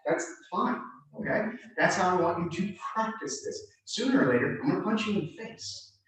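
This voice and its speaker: A somewhat high-voiced man coaches a student through a drill, repeating short reassuring cues. He is picked up from across a very echoey room, a little distant from the mic. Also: moderate pace, a bit bright. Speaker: self-defense instructor. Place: martial arts gym.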